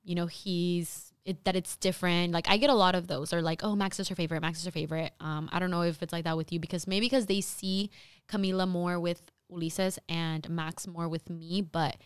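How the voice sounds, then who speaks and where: A woman's voice: lowish voice, fairly even intonation, moderate pace, clear, resonant tone, dry recording. Young woman co-hosting a chat podcast, talkative, laughs easily, dry close sound. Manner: chatty, laughs often, says "like" a lot. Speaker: podcast co-host, mother. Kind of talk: casual chat.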